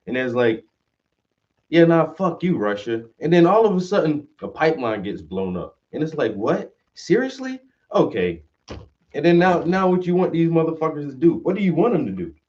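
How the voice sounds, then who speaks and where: A man rants casually, swearing freely and slipping into quick impressions of the people he quotes. His pitch leaps around in a lively way and sits on the higher side. The recording sounds dull and a little far from the mic. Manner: profane, animated, acts out quoted voices. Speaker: stream host. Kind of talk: casual rant. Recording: dull audio, mic at a distance.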